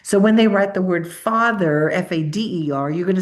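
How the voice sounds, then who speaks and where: Low-pitched woman, spanish is her first language, teaching sounds to a crowd, coaxing everyone to say them back. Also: normal speed. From Spanish-speaking. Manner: demonstrates speech sounds aloud, coaxing. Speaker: presenter. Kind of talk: conference presentation.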